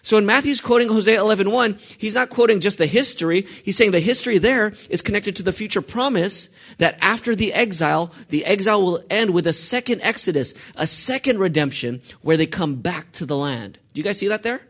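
A male pastor preaching a sermon, asking the congregation questions and swinging between hushed and forceful delivery. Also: high-pitched, brisk, hardly any pauses. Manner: asks the congregation questions and lets them fill in answers.

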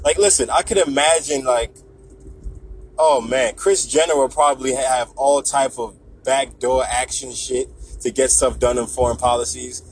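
A man's voice: medium pitch, steady tone, moderate pace, a little hiss or hum, rough recording. Man ranting casually, joking and profane. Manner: profane, joking, slips into mock voices. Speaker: vlogger. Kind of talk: casual rant to camera.

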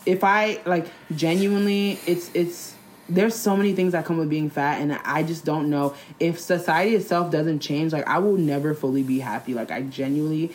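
Blunt animated young woman. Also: deep voice, moderate pace, a little hiss or hum. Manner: blunt, animated, slangy, says "like" often. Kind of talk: casual chat.

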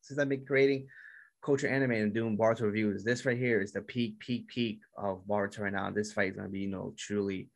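A man casually recapping an anime episode, excitable and full of "yo" and "like" fillers. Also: fairly low pitch, fairly quick, vocal fry. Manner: excitable, filler-heavy retelling with "yo" and "like". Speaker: anime reviewer.

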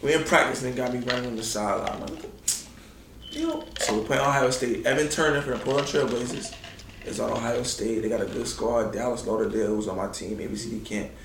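A man, a former college basketball player, casually telling stories in laid-back slang and acting out quotes with big jumps in his voice. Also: fast. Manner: animated, acts out quotes with big pitch jumps. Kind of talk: casual storytelling. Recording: roomy sound with faint noise.

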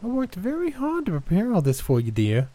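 A man's voice: huge pitch swings, brisk, warm tone, heavily acted. A man doing a sickly-sweet menacing old granny. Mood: strained cheery. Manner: falsetto, sickly sweet, turning to growls. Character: menacing sing-song old grandmother, woman.

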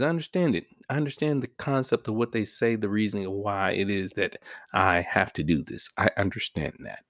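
A man hosting his own vlog in a profane, casual rant that swings between loud, high-pitched outbursts and low mutters. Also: brisk, no echo, clean studio sound. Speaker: vlog host. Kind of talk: casual ranting monologue.

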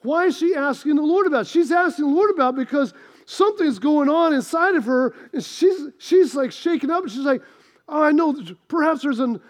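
Brief: high-voiced male preacher, impassioned storytelling sermon. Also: lively intonation, a little fast. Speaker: pastor.

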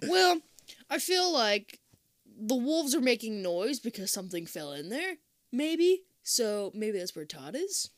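A laid-back podcast co-host who drops casual jokes and swears easily while weighing which way the story should go. The voice sits at a middle pitch and is recorded close and dry. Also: sing-song, a little slow, no room sound. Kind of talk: casual banter while choosing story paths.

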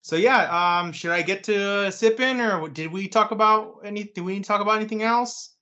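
A man's voice: high-pitched, brisk, pushed and bright. A young man co-hosting a casual podcast, easygoing and chatty, with lots of "um"s. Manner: easygoing, chatty, with many fillers. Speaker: podcast co-host. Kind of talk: casual chat.

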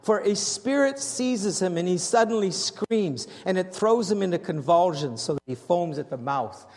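A pastor preaches with a high-pitched voice, repeating and restarting phrases as he presses his point. His delivery swings between loud, animated appeals and quiet, hushed moments. A long reverb hangs on his words, as in a large hall. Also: moderate pace. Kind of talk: sermon.

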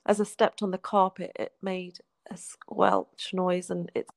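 A woman, a guest telling her life story in a heartfelt way, often falling to a soft hush. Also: fairly low pitch, little pitch movement, measured pace, vocal fry, dry recording. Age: 40s. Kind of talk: emotional personal storytelling.

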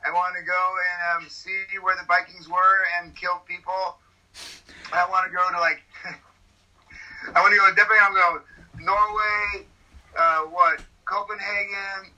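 A man's voice: sits high, flat delivery, a little slow, pauses often, pushed and bright, lo-fi sound. A man from California chatting casually, telling rambling stories full of swearing. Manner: profane, rambling storyteller. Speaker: podcast guest. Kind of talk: casual chat.

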